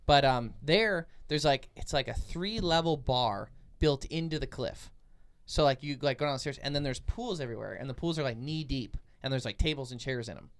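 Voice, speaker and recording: A man hosting a podcast, telling an animated story in casual chat, laughing often and saying 'like' a lot. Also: medium pitch, moderate pace, hardly any pauses. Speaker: podcast host.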